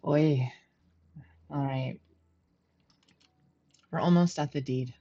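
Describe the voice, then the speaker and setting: Middle-aged woman streamer, low chatty voice, dull lo-fi home mic. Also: slow pace, dark tone. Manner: chatty, laughs often, self-deprecating. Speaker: game streamer. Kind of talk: casual gameplay commentary.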